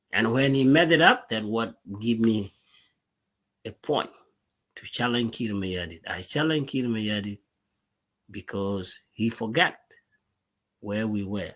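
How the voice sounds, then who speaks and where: A man's voice: mid-range voice, fairly bright tone. A middle-aged man from South Sudan with a South Sudanese accent, speaking as a war veteran to his followers in a live social media monologue. He talks earnestly and emphatically, often repeating words and restarting his sentences.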